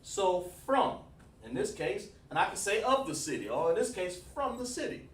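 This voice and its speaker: A man teaching a casual class at a whiteboard, talking in a relaxed, folksy way and often repeating himself as he addresses students directly. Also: high voice, normal speed. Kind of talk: casual classroom lesson streamed online. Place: room with a whiteboard. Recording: echoey room, speaker far from mic.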